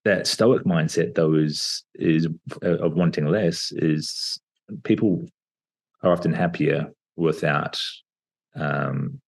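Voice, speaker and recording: A man in his thirties, a podcast guest talking reflectively over a video call, with plenty of pauses and fillers. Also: extremely low pitch, vocal fry. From Australia. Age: 30s. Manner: reflective, hesitant with many fillers. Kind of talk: casual interview talk.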